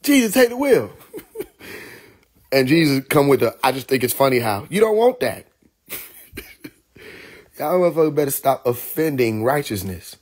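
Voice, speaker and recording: A man's voice: medium pitch, very animated, normal speed, pauses often. A young adult man hosting a live stream, talking casually and animatedly, laughing often and mimicking others.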